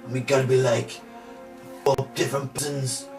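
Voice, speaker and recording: A brash, bragging male rugby player, played by a man who rambles on, stuffing every thought with filler words. He sounds set back from the mic in a roomy space. Music plays clearly behind him. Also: medium pitch, level tone, normal speed, close to an everyday voice. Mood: blustering. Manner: rambling, boastful, packed with "like" and "you know". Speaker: comic character in an amateur trailer. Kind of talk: improvised comedy monologue. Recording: roomy amateur video from far off with music.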